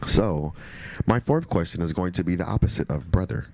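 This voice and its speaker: Deep-voiced playful radio host man. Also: lively intonation, a little fast, mellow, no room sound. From Milwaukee. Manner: laughs often, repeats phrases, teasing. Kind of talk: playful quiz game hosting. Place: radio studio.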